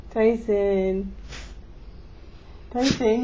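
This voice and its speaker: A woman's voice: medium pitch, slow pace, long pauses, dark tone, highs cut off, a little hiss or hum. A woman at home talking to her dog on a home camera, cooing and teasing him. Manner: coos and teases her dog. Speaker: pet owner filming her dog. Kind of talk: casual home video. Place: at home indoors.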